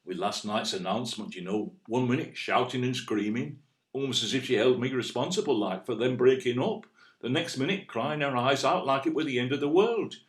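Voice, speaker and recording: A man's voice: mid-range voice, fairly quick, echoey room, natural voice. An actor playing a weary older grandfather in a radio play, tired and rambling. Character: weary older grandfather, long-suffering husband.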